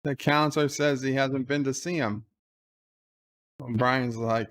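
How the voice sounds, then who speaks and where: A man's voice: mid-range voice, moderate pace, gravelly, a bit bright. A man giving casual live commentary on an episode, retelling scenes by quoting lines.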